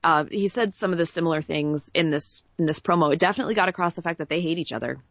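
A woman co-host chatting casually with wry, plainspoken reactions. Her voice sits somewhat low for a woman. The recording is dry and a little muffled. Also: quick pace, no echo. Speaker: podcast co-host. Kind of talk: casual chat.

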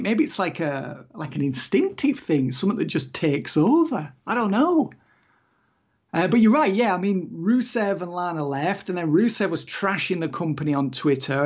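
A man's voice: high-pitched, slightly rough. A man co-hosting a podcast, talking in an exasperated, rambling, emphatic way. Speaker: podcast co-host. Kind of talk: casual chat. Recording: muffled lo-fi audio.

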